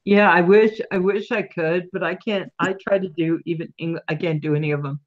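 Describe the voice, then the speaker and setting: A woman's voice: fairly low pitch, fairly even intonation, moderate pace, lo-fi sound. An older woman, a grandmother, hosting a casual chat and giggling often. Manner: chatty, giggly. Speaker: host. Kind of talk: casual chat on a video call.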